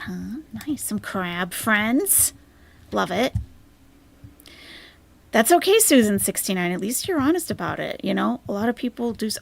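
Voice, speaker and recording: Gravelly woman riffing sarcastically on a video, pitch all over the place. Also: sing-song, a little slow, pauses often. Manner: sarcastic, drops into asides and whispers. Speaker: reaction streamer. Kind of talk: live reaction commentary.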